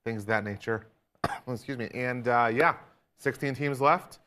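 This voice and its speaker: A man's voice: medium pitch, a little slow, pushed and bright. Easygoing man explaining sports. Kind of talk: casual chat.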